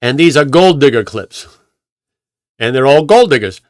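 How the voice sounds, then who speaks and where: A man's voice: medium pitch, expressive, normal speed, no echo, studio quality. A male pastor telling stories in a rambling, conversational way, with frequent restarts and acted-out quotes. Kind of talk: conversational sermon storytelling.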